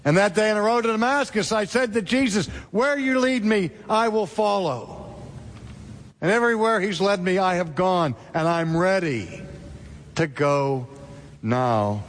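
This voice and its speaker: Impassioned apostle played by a preacher, earnest and emphatic, higher pitch. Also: male voice, measured pace, slight background noise. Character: impassioned apostle pleading with his weeping friends. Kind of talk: preacher acting out a scripture quote.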